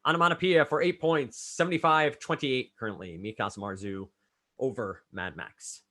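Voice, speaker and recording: A man hosting a trivia game, reading clues briskly and calling on players by name. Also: medium pitch, sharp tone. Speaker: trivia quizmaster.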